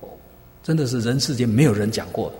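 A man preaching a sermon in short phrases, pausing for his interpreter and rising with emphasis on key lines. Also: medium pitch, mellow. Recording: echoey hall.

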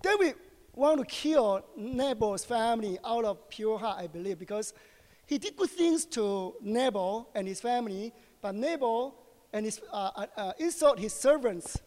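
Guy preaching, high voice, lots of uh and right?, long echo. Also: lively intonation, darkish tone. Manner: asks the congregation short questions, halting with many fillers. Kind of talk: sermon. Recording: long hall reverb.

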